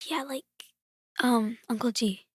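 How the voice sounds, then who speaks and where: A woman's voice: a little high, fairly even intonation, slow pace, a little mellow, breathy edge, dry recording, clean studio sound. A woman chatting casually on a podcast, retelling a story in a rambling way with lots of fillers. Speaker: podcast guest. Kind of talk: casual chat.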